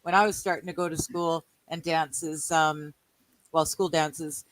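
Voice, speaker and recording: A woman in her forties, chatting casually as co-host, relaxed, laughing often and giving short replies. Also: sits low, a little slow, no room sound, rough recording. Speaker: livestream co-host. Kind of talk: casual chat.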